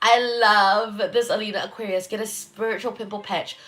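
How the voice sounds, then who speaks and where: A woman's voice: mid-range voice, fairly even intonation, normal speed, fairly bright tone, soft background music. Young Kiwi-woman, astrology streamer; loose, giggly, sweary, answers chat as she goes. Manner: chatty, giggly, swears, reacts to viewer comments. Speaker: astrologer hosting a live reading. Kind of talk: casual livestream chat.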